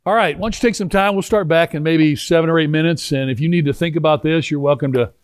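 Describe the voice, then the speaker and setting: A middle-aged man preaching a storytelling sermon, animated and rambling with frequent restarts, moving into prayer. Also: a little high, fast, smooth, dry recording, studio quality. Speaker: pastor.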